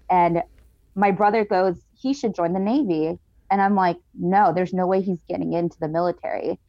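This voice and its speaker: A woman speaking as a podcast guest in an earnest, emotional way, her voice sitting on the low side. The sound is dry and a little dull. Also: no echo. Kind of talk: candid interview storytelling.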